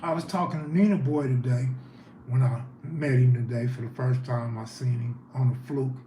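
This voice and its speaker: A man's voice: medium pitch, steady tone, normal speed, dark tone. A man hosting a casual livestream, talking loosely and reacting to viewers' comments. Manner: loose and conversational, reacting to chat. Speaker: livestream host. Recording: echoey room with faint background noise.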